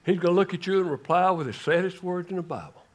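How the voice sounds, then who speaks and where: An older man preaching a sermon, telling a story dramatically and swinging from loud calls to hushed words. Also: high-pitched, fast. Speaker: guest preacher.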